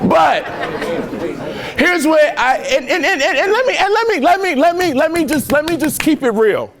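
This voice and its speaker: A young man from near Chicago giving an energetic keynote speech to students, joking and leading call-and-response chants with slangy, playful talk. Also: very high-pitched, moderate pace, crowd noise. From Harvey, Illinois, near Chicago. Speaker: keynote speaker. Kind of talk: motivational speech to a student crowd. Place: large hall with a student audience.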